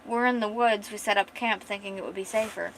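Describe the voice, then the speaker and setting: A man's voice: sits high, steady tone, brisk, gravelly, background noise. A woman voicing a young man who is anxious, lovestruck and easily flustered, told as a casual story.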